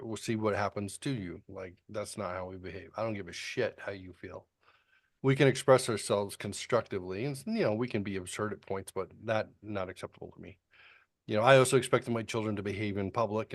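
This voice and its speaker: A middle-aged man with a fairly low voice, talking through a long story in a relaxed podcast chat. He rambles, restarts and fills pauses with ums and uhs, and he swears bluntly and casually. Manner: rambling storytelling with frequent fillers. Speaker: podcast co-host.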